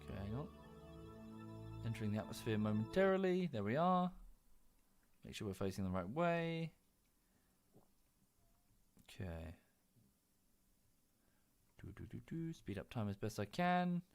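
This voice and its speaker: A man's voice: mid-range voice, very animated, normal speed, pauses often. A young man chatting over a game stream in a medium voice, rambling and self-mocking, swearing lightly. He speaks into a desk mic. Faint game music plays behind him. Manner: chatty, self-mocking, coos baby talk at his dog. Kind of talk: casual game commentary.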